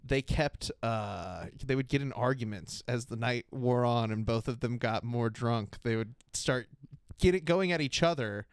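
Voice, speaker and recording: A man's voice: medium pitch, measured pace, smooth, no echo, studio quality. A man hosting a podcast in casual chat, rambling and laughing often as he tells stories. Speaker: podcast host.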